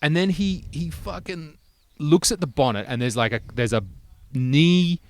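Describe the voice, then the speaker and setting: Animated man telling a story. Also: on the high side, unhurried, dry recording. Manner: animated storyteller, swears freely, acts out quotes. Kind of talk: casual chat.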